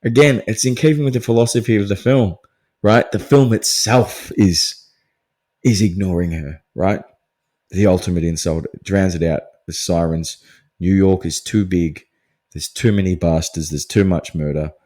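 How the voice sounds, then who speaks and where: A man's voice: low voice, fairly even intonation, normal speed, darkish tone. A male podcast host talking through a film on his own. He thinks aloud as he goes and often checks in with "right?". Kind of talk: solo film discussion podcast.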